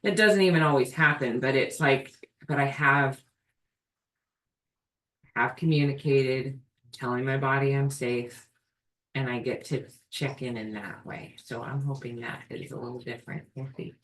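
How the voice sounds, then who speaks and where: A woman's voice: very deep voice, fairly even intonation, moderate pace. A woman hosting a live video Q&A for her ministry, talking earnestly and thinking aloud. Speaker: host of a healing ministry. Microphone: video call. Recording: echoey room, distant from mic.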